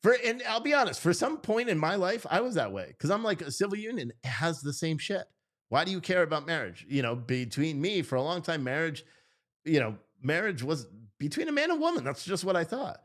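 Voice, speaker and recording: Profane, rambling male host, fairly high voice. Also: big pitch swings, brisk. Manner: rambling, profane, self-interrupting. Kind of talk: casual political commentary stream.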